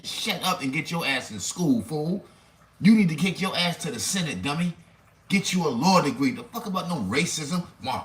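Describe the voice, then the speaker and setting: A man's voice: mid-range voice, a bit bright, a little hiss or hum. A man, delivering a profane, preachy rant full of rhetorical questions. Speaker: commentator. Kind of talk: ranting monologue.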